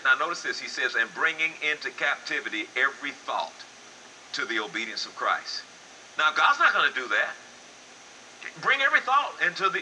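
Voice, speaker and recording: Older man preaching, bright and animated. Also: slight background noise, low-quality recording. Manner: animated preaching, swinging from low murmurs to loud high exclamations. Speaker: pastor. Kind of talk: sermon.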